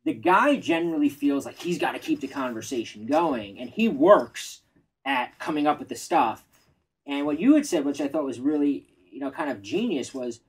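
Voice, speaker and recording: Husky-voiced male dating coach, soft-spoken, casual advice talk. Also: a little high, rough recording. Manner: soft-spoken, self-described shy and introverted.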